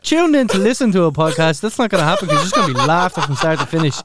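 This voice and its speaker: A man's voice: high-pitched, wildly swooping pitch, rapid-fire, heavy background noise. A man co-hosting a podcast in casual chat, with a whingy laugh. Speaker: podcast co-host.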